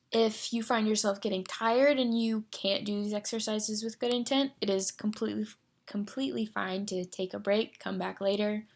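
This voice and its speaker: A young woman leading a guided voice exercise lesson as a speech therapy instructor, giving clear, deliberate and encouraging instructions. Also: mid-range voice, darkish tone.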